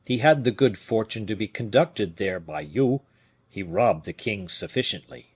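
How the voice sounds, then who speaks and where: A man voicing a smug, coarse keeper of hounds in an audiobook, speaking loudly with a gloating tone. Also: fairly low pitch, animated, moderate pace, breathy edge.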